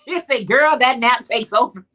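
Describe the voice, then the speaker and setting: Woman, livestream host, casual chat, bright tone, playful asides to viewers. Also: fairly high pitch, measured pace. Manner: chatty, playful, talks straight to viewers; sassy, teasing asides.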